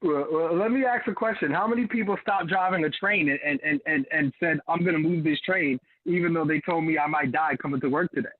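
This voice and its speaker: A man co-hosting a call-in talk, quick to laugh and swearing as he makes his point. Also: fairly high pitch, no room sound. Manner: fast-talking, laughs often, swears. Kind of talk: casual panel chat. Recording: tinny phone line.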